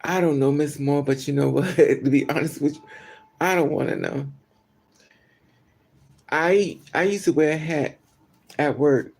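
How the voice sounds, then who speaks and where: A man's voice: a little high, a little slow, creaky, pauses often, darkish tone, slightly rough. A man chatting candidly with his livestream viewers, telling a personal story and answering comments. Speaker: vlogger.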